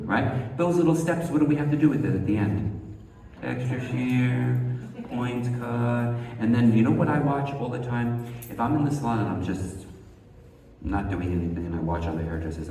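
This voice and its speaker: A man's voice: deep voice, a little mellow, a little hiss or hum. A man teaching a live haircut demonstration, coaching step by step, firing rhetorical questions at the class and repeating key words for emphasis. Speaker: hair educator. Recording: echoey hall, mic far off.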